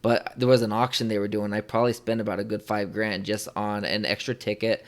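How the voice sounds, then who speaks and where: A man's voice: fairly low pitch, level tone, a little fast. Rambling young man telling a story. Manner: rambling, emotional, with many fillers and restarts. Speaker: interviewer. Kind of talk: casual conversational storytelling.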